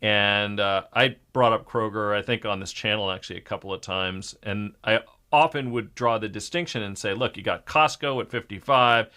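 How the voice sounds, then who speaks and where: A man talks markets in a relaxed, searching way. His voice is bright and forward, and he pauses on fillers and restarts his sentences as he thinks aloud. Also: fairly low pitch. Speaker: show host. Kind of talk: casual market chat.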